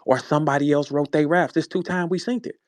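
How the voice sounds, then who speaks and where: A man with a St. Louis accent calling out a rival in a heated, profane monologue, tossing in "bro" and "man" and swinging from low muttering to loud high outbursts. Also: fairly even intonation, fast, no room sound. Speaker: battle rapper addressing a rival. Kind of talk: heated monologue on a live audio space.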